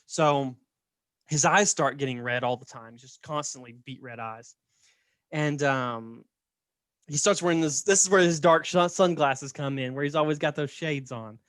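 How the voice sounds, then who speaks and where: A man's voice: a little high, moderate pace, fairly bright tone, no echo, clean studio sound. A man casually telling a story on a podcast, chatty and laughing, often checking in with "right?". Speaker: podcast host.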